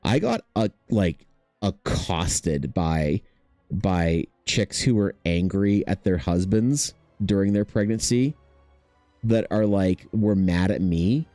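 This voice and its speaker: A young man chatting casually while drawing on his art stream, telling stories in a rambling, animated way full of fillers. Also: low-pitched, slow pace, dry recording, soft background music. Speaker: artist hosting a drawing stream.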